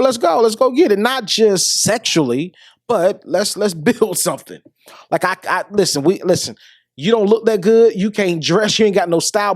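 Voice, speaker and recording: Preachy man with a higher voice. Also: a little mellow, no room sound, clean studio sound. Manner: preachy, repeats questions for emphasis. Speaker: podcast host. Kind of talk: casual monologue on relationships.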